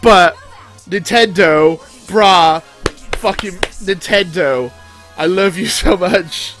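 A man watching a game showcase and reacting out loud, excited, swearing and talking to himself. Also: high voice, slow, soft background music. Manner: excitable, shouting and swearing in bursts. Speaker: reaction video maker. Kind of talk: live reaction commentary.

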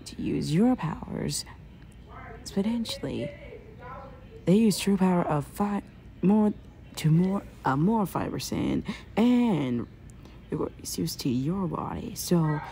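A woman voicing an elderly grandfather scientist in a fan audio drama, who talks in halting, hushed, stammering phrases. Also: on the low side, slight background noise, heavily acted.

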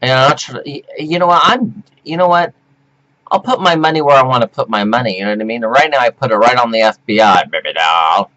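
Flamboyant whooping man with swooping pitch. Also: animated, fast talker, bright, forceful tone, highs cut off. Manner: flamboyant, whooping, giggly, theatrical swings from shrill to low mutter. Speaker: performance artist vlogger. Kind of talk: rambling camp monologue to webcam. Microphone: webcam.

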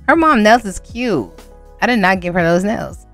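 A woman's voice: mid-range voice, lively intonation, moderate pace, faint music behind. Chatty woman commentating on her game. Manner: chatty, laughs often, addresses viewers as y'all. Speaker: gaming channel host. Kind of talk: casual let's-play commentary.

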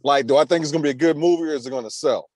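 A man's voice: a little high, racing, crowd noise. Laughing, teasing podcast host man. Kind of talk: casual chat.

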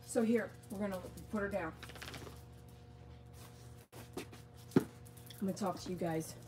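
A woman's voice: medium pitch, a little slow, very noisy. A woman dog groomer talking outdoors on a live-streamed grooming demonstration, chatty, coaxing and reassuring.

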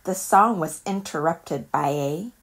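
Slow, calm woman reading a storybook. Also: low-pitched, heavy background noise. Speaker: storybook reader. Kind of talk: children's book read-aloud.

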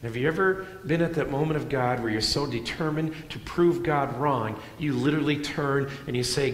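A middle-aged man preaching a sermon as pastor, moving between loud emphatic lines and soft hushed ones. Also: mid-range voice, moderate pace, hardly any pauses, slight background noise. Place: church sanctuary. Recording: echoey church hall.

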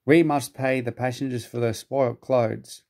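A man voicing a stern, pompous railway controller in a storybook reading, speaking crossly and deliberately. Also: mid-range voice, fairly even intonation, gravelly, a little mellow.

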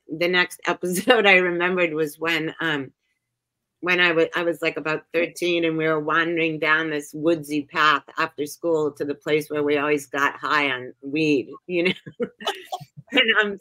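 A woman from upstate New York telling personal stories as a guest in a casual chat, animated and acting out the voices she quotes. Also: deep voice, poor audio. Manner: animated, acts out quoted voices, laughs often.

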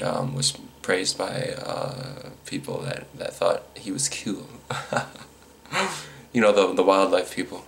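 A man giving casual, rambling commentary on news stories, irritated and quick to chuckle. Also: sits low, slight background noise.

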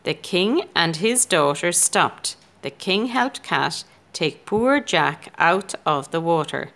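Slow, lively woman reading a children's story. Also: on the low side, gravelly. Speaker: storybook reader. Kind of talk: scripted narration of a children's story.

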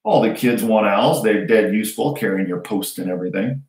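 A man's voice: lowish voice, brisk, darkish tone, close to an everyday voice. A man voicing a big, kindly, folksy giant groundskeeper. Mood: bluff. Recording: roomy echo.

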